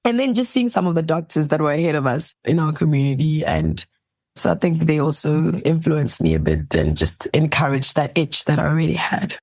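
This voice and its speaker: A woman's voice: low voice, fairly quick, dry recording. A young woman doctor from South Africa, talking about her path in an interview, reflective and laughing often. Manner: warm, laughs often, animated quoting. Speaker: guest, medical doctor. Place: at home.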